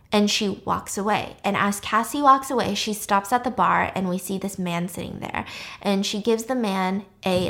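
A young woman casually retelling a film plot in a chatty, animated way, swearing freely. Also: medium pitch, creaky. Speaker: storyteller.

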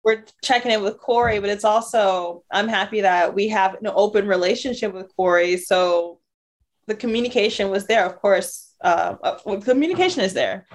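A woman co-hosting a casual podcast chat, her voice sitting at an average pitch. She rambles through a heartfelt story, restarting her sentences as she goes. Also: moderate pace. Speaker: podcast co-host.

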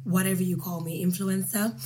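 A woman from Sweden, a guest, introducing herself in a relaxed, matter-of-fact way in casual chat. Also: lowish voice, fairly quick, a little hiss or hum. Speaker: guest, author and solicitor.

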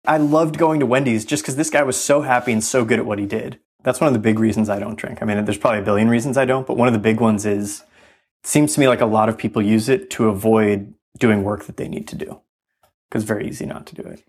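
A man's voice: on the low side, steady tone, fast, slightly rough. A man speaking as a podcast guest in a casual conversation, earnest and reflective, with many fillers.

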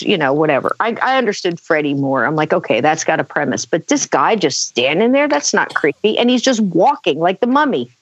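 Animated woman telling a story. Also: medium pitch, no echo. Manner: animated, laughs often, acts out her own quotes. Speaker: guest. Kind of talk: casual storytelling on a talk show. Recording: dull dry sound.

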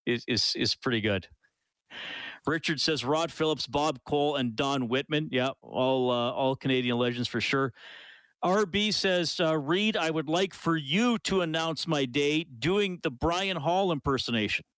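A man's voice: fairly high pitch, measured pace, fairly bright tone, dry recording. A man hosting a sports talk radio show, reading listener messages aloud in a chatty way and laughing now and then. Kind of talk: casual call-in sports radio chat. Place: radio studio. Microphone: studio microphone.

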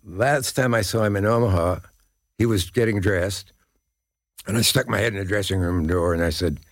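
An older man from Nebraska, a podcast guest telling anecdotes and pausing to recall names. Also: sits low, no echo, studio quality. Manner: reflective, searching for names. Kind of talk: casual chat, anecdotes.

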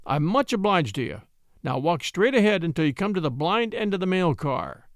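Guy doing a confident young lawyer, stern and measured, voice moves up and down a lot. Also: high-pitched, very animated, no echo, clean studio sound. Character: cool young lawyer, clever and commanding.

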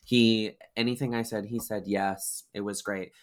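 A man's voice: lowish voice, flat delivery, normal speed. A man from Washington State, a drag performer appearing as a podcast guest, chatting casually in a rambling, self-deprecating way. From Washington State, USA. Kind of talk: casual chat.

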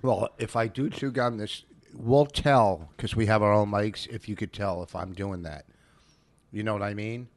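A man's voice: fairly low pitch, steady tone, normal speed, dry recording. A middle-aged man co-hosting a podcast in casual, bickering chat, teasing and needling his partner. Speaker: podcast co-host.

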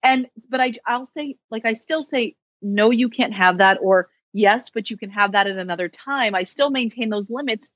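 A woman's voice: a little high, normal speed, hardly any pauses, fairly bright tone, no room sound, lo-fi sound. A woman who is a social worker, speaking as a podcast guest in a candid, chatty way with self-deprecating humor. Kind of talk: casual interview conversation.

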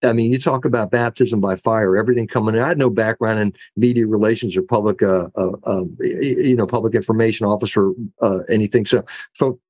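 A man's voice: on the low side, fairly even intonation, quick pace, a little mellow, dry recording. A middle-aged man, a former sheriff, telling stories as an interview guest, rambling with many fillers and restarts and acting out what others said. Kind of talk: storytelling in an interview.

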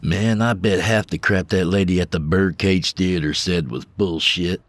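An actor playing a grumpy, condescending young college student who grumbles. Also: male voice, deep voice, moderate pace. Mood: grumbling.

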